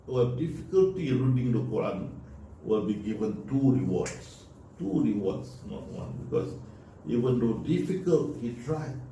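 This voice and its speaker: A man preaching in a slow, earnest voice, pressing his points and repeating them. His tone is mellow and warm. He sounds far from the mic in a very echoey room with faint noise behind. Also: mid-range voice. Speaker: religious speaker. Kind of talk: religious talk to an audience.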